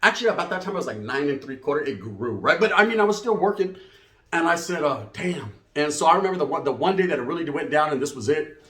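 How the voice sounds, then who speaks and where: A man's voice: on the high side, animated, fast talker, a bit bright. A middle-aged man, telling a comic story in streetwise slang and tagging lines with "right?". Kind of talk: comedic storytelling. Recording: roomy echo.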